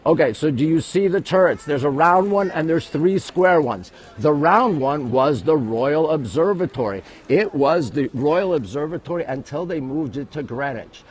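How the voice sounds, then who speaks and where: A man's voice: on the high side, animated, moderate pace, few pauses, slight background noise. A man giving a chatty live-streamed walking tour outdoors at a historic castle, greeting viewers and repeating himself, speaking into a handheld phone. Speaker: livestream tour guide. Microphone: phone held while walking.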